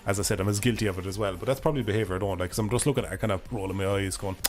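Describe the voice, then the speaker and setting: A young Irish man streaming a game, chatting casually in a rambling way, swearing freely and laughing often, his voice hoarse and failing. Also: fairly low pitch, rapid-fire, darkish tone. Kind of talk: casual livestream chat while gaming.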